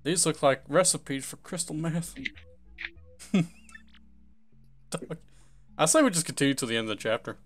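Southern let's play co-host, animated, laughs a lot. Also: mid-range voice, a little slow, pauses often. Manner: joking, laughs often, lively. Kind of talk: casual gaming commentary.

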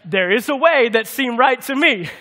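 Male pastor, high voice, playful sermon with call-and-response, long hall reverb. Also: moderate pace. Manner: lively, humorous, calls out to the congregation for answers.

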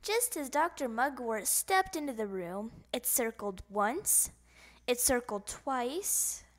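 A woman narrating a children's picture book in an expressive, sing-song way. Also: a little high, slow. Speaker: storybook narrator. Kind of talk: children's audiobook reading.

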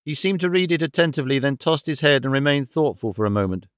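A man narrating a classic novel audiobook in an even, steady storytelling manner. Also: fairly high pitch, fast talker, clear, resonant tone, no room sound, studio quality.

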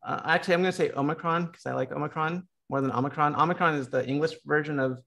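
Man, american accent, gravelly, slightly high, casual panel talk, lots of ums. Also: rapid-fire, fairly bright tone. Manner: lots of filler words and restarts.

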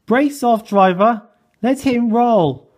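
A man voicing a stern, commanding railway inspector in a storybook, barking orders loudly. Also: high voice, lively intonation, slow, full character voice.

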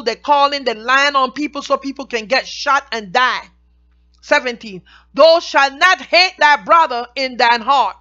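A woman teaching Bible verses, reading each verse slowly and then explaining it in plain everyday talk. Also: high-pitched, bright, forceful tone. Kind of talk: scripture teaching with commentary. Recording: dull lo-fi recording.

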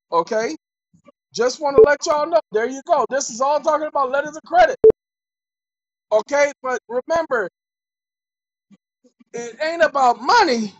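Woman kinda high voice, lecturing viewers, reading legal stuff out loud, repeats herself for emphasis. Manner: emphatic, repeats phrases, shifts to loud shouted bits; reads legal definitions aloud. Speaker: online commentator.

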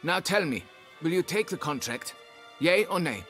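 A man's voice: a little high, expressive, moderate pace, natural voice. An actor playing a haughty male nobleman who demands deference while hiring a monster hunter. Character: pompous haughty male nobleman, vineyard owner. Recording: game audio with music underneath.

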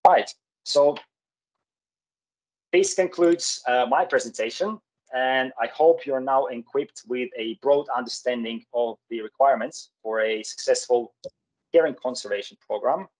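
A man presents over a video call, explaining workplace practice in a halting way. He fills pauses with many hesitations and restarts, in a plain mid-range voice. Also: medium pitch, darkish tone, poor audio. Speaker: occupational hygienist presenter. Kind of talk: webinar presentation.

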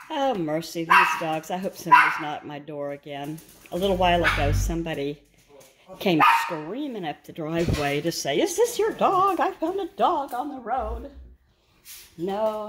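Woman vlogger, middle-aged, slightly low voice, chatty, laughs a lot. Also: fairly bright tone, slight background noise. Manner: chatty, rambling storyteller who laughs often. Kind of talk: casual chat while cooking.

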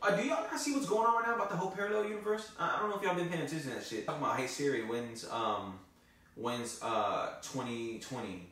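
A man's voice: a little high, fast talker, a bit bright. A man telling a story in a loose, profane, casual vlog style. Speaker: vlogger. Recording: echoey, from far off the mic.

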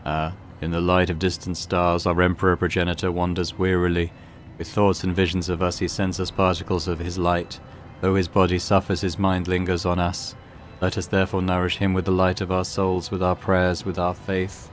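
A man voicing a serene, creepy mutant cult priest in a video game, with a low murmuring delivery. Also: monotone, moderate pace, slight background noise, natural voice. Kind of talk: reading game dialogue aloud.

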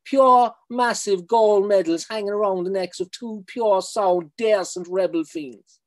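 A man's voice: high-pitched, a little slow, voice pushed up. A man performing a poem as a boisterous Cork man cheering two rowing champions, in a strong Cork accent, rowdy and sing-song.

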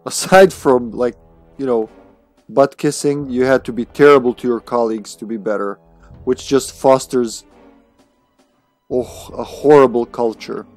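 A man's voice: medium pitch, fairly even intonation, a little slow, a little mellow, no room sound. Man, live gameplay commentary, sore throat, swears a lot, jokes at the game, faint game music behind. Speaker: streamer playing a video game.

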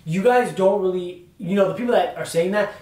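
Young male co-host, slightly high voice, earnest and filler-heavy, recorded from afar in an echoey room. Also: fairly quick, a little mellow. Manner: earnest, building arguments with many fillers. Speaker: discussion co-host. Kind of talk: casual discussion on camera. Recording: roomy sound from a distant mic.

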